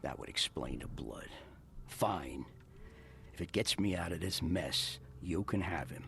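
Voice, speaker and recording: A suspicious bartender in a game, blunt and guarded. The voice sits very low with a gravelly rasp. Faint ambient noise hangs behind him. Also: male voice, animated, a little slow, a bit bright, full character voice. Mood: gruff. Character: gruff male bartender, suspicious of strangers.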